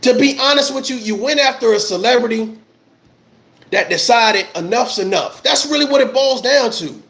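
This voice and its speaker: A man's voice: extremely high pitch, expressive, normal speed, a bit bright. A man, an army veteran, giving heated livestream commentary, ranting with passion and repeating his phrases.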